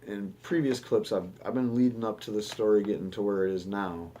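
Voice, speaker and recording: A young man from the United States talks through the news in a loose, rambling way, with plenty of cursing and restarted sentences. His voice sits a little low. He sounds like the host of his own commentary show. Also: fairly even intonation, brisk, warm tone. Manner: profane, rambling, with restarts and fillers.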